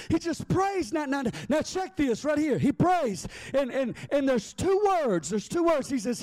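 A man preaching with a very high voice, folksy and repetitive, calling out to the congregation to respond. The sound is dry and close, with no room echo. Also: sing-song, a little slow, few pauses, darkish tone. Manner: folksy, repeats and calls on the congregation. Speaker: pastor. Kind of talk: sermon.

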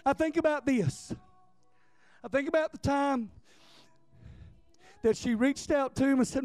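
High-voiced impassioned male preacher. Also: measured pace, long pauses, dry recording, faint music behind. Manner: impassioned, repeats words, builds to near-shouts. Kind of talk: sermon.

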